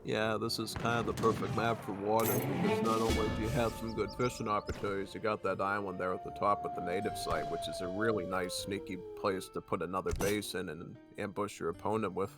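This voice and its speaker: Low-voiced man co-casting a game. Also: brisk, hardly any pauses, loud music behind the voice. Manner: relaxed, explanatory, hedging with "like". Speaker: co-caster. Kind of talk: analytical game commentary.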